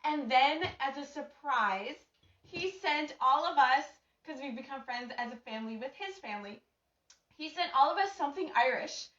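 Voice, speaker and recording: A woman's voice: sits high, lively intonation, normal speed, fairly bright tone. A woman hosting a live-streamed cooking show, chatting in a bubbly, gushing way and greeting viewers by name. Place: home kitchen. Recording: echoey, distant and slightly dull.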